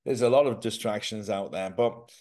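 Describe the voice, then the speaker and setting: A man co-hosting a casual chat, animated and fond of telling stories by acting out quoted voices. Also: on the low side, moderate pace. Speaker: co-host.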